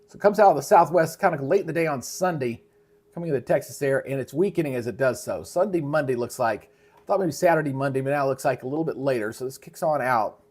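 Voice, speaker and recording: The host of this live weather briefing is a male meteorologist with a fast, mid-range voice and darkish tone. He keeps things casual and conversational but has to keep clearing a frog from his throat.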